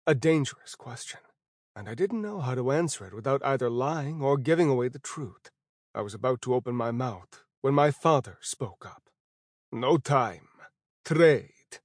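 Reading a first-person fantasy audiobook, this male narrator keeps an even, normal speed and a medium pitch that sits in a middle register. The sound is close-miked and dry, with no echo.

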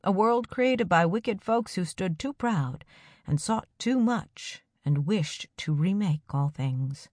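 A kind village teacher from a storybook, gentle and soft-spoken, turning nervous and halting under pressure, as a woman narrator plays him. His lines come slow and low, in a close, dry recording. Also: expressive, dry recording.

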